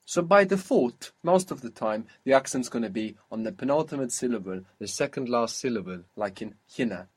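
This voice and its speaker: A man's voice: mid-range voice, animated, a little fast, few pauses, slightly rough. A man teaching an Arabic lesson, patiently quizzing a student and modelling how words are pronounced. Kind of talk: spoken language lesson.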